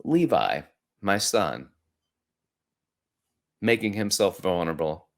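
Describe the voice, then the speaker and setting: A man's voice: low voice, slow. Earnest man hosting a podcast. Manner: earnest, conversational, animated when quoting. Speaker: podcast host. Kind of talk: reflective storytelling monologue.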